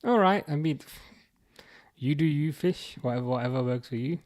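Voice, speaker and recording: A man's voice: fairly high pitch, expressive, moderate pace, darkish tone. A man with a Birmingham accent hosting a football watchalong livestream, reading viewer comments aloud in a chatty, laid-back way with frequent restarts and chuckles. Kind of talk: casual live-chat commentary.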